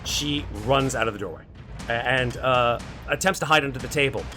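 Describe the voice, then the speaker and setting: A man narrating a tabletop game as dungeon master in a lively, animated way. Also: medium pitch, brisk, music in the background.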